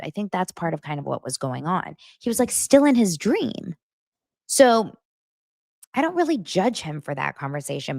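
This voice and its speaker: Chatty, lively woman with a dry sound. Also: fairly low pitch, no room sound. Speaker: entertainment podcast host. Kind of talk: casual reality TV recap.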